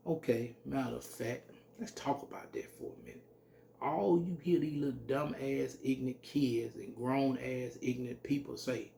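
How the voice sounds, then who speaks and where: Man, gravelly voice, blunt informal scripture teacher, slow verse reading, faint background noise. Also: mid-range voice, dark tone. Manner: blunt, salty, reads verses slowly then comments. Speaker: religious teacher.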